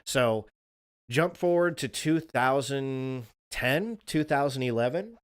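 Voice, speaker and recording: A man's voice: mid-range voice, clear, resonant tone, no room sound, studio quality. A man hosting a livestream, telling stories casually, rambling, swearing freely and laughing at his own tales. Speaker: livestream host. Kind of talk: casual storytelling to a livestream audience.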